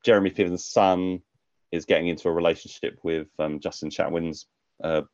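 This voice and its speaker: Deep-voiced British man rambling about films. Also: fairly even intonation, a little fast, darkish tone, no room sound, lo-fi sound. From United Kingdom. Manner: rambling, chatty, many fillers and restarts. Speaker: podcast co-host. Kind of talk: casual film review chat.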